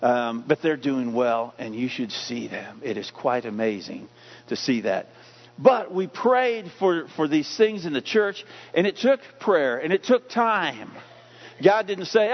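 A pastor in his forties, giving a conversational, animated sermon that keeps asking the congregation questions. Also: fairly high pitch, a little slow. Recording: dull lo-fi recording.

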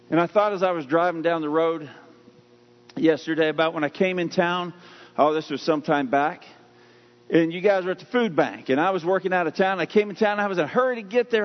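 A man preaching a sermon, telling folksy everyday stories and reading scripture slowly and deliberately. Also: sits high. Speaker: pastor. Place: church sanctuary. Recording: muffled sound in a long-reverb hall.

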